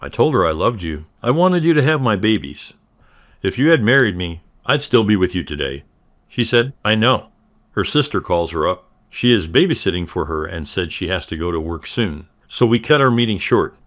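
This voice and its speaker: A man narrating a first-person story in a steady, even reading style. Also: lowish voice, normal speed.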